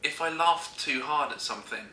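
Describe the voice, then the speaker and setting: Guy, comic storyteller, keeps cracking up, very bright voice, echoey room. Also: on the high side, normal speed. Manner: giggly, keeps breaking into laughter.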